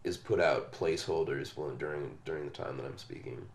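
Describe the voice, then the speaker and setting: A man's voice: very deep voice, a little fast. A man hosting a podcast, chatting casually and rambling with plenty of fillers. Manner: relaxed, rambling, lots of fillers. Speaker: podcast host. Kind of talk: casual conversation.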